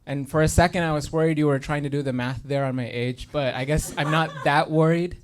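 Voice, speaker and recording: A man in his thirties from India doing a stand-up set on stage in a comedy theater, speaking in a dry, deadpan way and pausing for punchlines. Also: a little high. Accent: neutral American-sounding. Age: 30s. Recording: live room with audience noise. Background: audience laughter.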